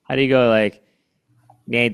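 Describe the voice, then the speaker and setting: A man's voice: mid-range voice, lively intonation, fairly quick, dry recording. Playful male podcast host, dry sound. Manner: playful, jokey asides. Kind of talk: casual chat.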